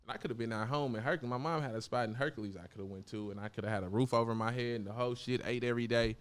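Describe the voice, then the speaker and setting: A man from Oakland, talking as a rapper guest in a casual studio interview. His voice is smooth and resonant and sits at an ordinary pitch. He speaks in heavy street slang, laughs often and restarts his sentences. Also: very fast. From Oakland, California. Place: podcast studio.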